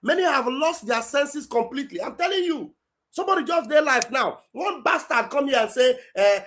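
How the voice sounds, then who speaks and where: A man's voice: very high-pitched, lively intonation, a little fast, a bit bright. A man with a Nigerian accent, a pastor hosting a live online talk show, ranting angrily and hurling curses at critics.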